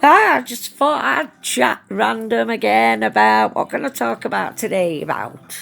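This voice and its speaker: A woman's voice: a little high, expressive, unhurried, vocal fry, fairly bright tone, faint music behind. A woman chatting into her phone, telling a story bluntly with plenty of slang and swearing. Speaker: vlogger. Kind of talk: casual storytelling monologue.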